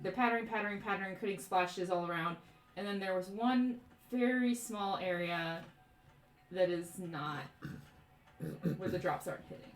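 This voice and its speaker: A woman's voice: medium pitch, normal speed, long pauses, faint music behind. A woman narrating a tabletop game as dungeon master, rambling with lots of fillers. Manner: rambling, filler-heavy description. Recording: echoey room, mic at a distance.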